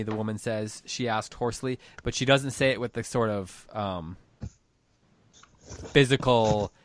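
A man's voice: lowish voice, steady tone, unhurried, dry recording. A man co-hosting a book discussion podcast, reflecting aloud and reading passages from a story. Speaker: podcast co-host.

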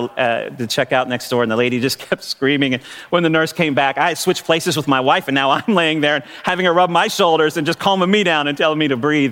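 A middle-aged man, a pastor, telling a story in a sermon, animated and laughing, with frequent restarts. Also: fairly high pitch.

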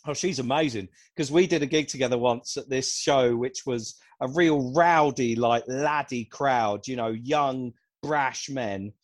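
A man's voice: mid-range voice, unhurried, hardly any pauses, dry recording. Chatty British man, dry close sound. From England. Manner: chatty storyteller, self-deprecating. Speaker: comedian guest. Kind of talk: casual podcast chat, anecdotes.

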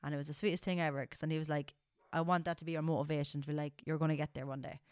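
Irish woman, twenties, lowish voice, smooth, dry close sound, animated chatty podcast host. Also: very fast, no room sound. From Ireland. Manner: animated and swearing, says "lads" a lot. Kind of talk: casual chat.

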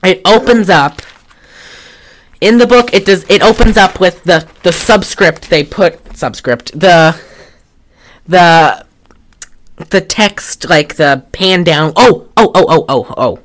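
A woman's voice: fairly low pitch, slow pace, pauses often. Rambling woman chatting about a movie. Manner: rambling, profane, many restarts. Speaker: podcast co-host. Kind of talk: casual film discussion.

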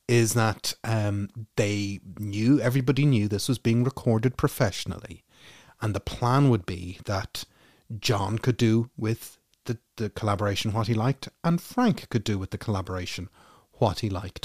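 A man's voice: fairly low pitch, darkish tone, no room sound, studio quality. A man co-hosting a podcast, chatting casually and musing his way wryly through his points. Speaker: podcast co-host. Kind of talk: casual chat.

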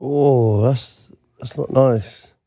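A man's voice: mid-range voice, very slow, dry recording, studio quality. A young man co-hosting a podcast, teasing and joking in casual banter. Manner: teasing, joking, deadpan wind-ups. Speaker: podcast co-host.

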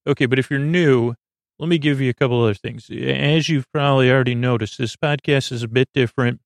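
A man hosting a sleep podcast, talking in a soft, lulling, creaky way and wandering off on goofy tangents. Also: mid-range voice, a little fast, no room sound. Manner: meandering, self-interrupting, goofy tangents. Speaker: podcast host. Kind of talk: rambling sleep podcast monologue.

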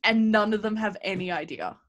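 A woman slowly brainstorming a play in casual chat, rambling with many fillers. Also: medium pitch, highs cut off. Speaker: playwriting group member.

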